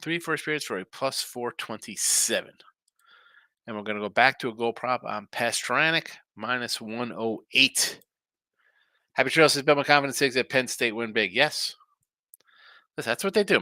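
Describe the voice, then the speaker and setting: Medium-pitched, pushed and bright, with no echo, a sports betting podcast host sounds tired and yawns as he goes. He loosely rambles through a live stream, reading viewer messages aloud and responding.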